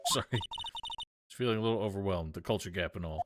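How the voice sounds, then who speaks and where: A man's voice: deep voice, fairly quick, natural voice. A man reading the lines of a polite, somewhat flustered young defense lawyer from a game, in a mild, apologetic way. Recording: game music behind.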